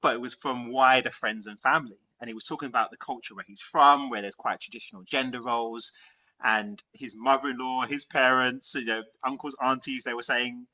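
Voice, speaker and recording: Bright, emphatic male panel host. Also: medium pitch, fairly even intonation, a little fast. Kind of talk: hosting a panel discussion. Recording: dull lo-fi sound.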